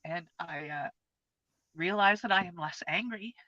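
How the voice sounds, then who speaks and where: A woman's voice: on the low side, normal speed, bright, forceful tone, no echo. A woman in her fifties co-hosting a casual chat, telling a personal experience in an earnest, open, heartfelt way. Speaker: co-host. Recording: dull lo-fi, dry sound.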